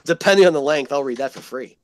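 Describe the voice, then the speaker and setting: A man's voice: a little high, expressive, fast talker. A man hosting a casual streamed podcast, teasing his co-hosts with crude jokes in a playful manner.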